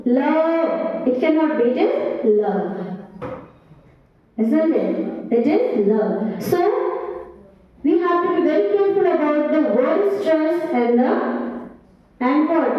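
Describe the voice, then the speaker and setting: A woman teaching English pronunciation who explains step by step and keeps checking in with tag questions. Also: sits high. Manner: explains slowly, adds frequent tag questions. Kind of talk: teacher training talk. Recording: very echoey, distant, dull sound.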